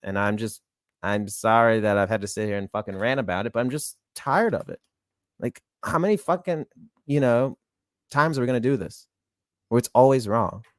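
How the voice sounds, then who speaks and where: A man's voice: medium pitch, normal speed, dry recording, studio quality. A man co-hosting a podcast, ranting in an exasperated, profane rush about a bad call. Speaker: podcast co-host. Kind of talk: heated ranting podcast talk.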